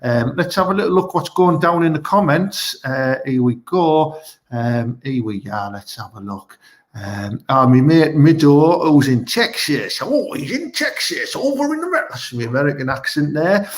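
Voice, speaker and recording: A man's voice: fairly high pitch, expressive, measured pace. A man with a Teesside accent hosting a live online comedy show, rambling in crude, casual chat and leaning on "you know what I mean".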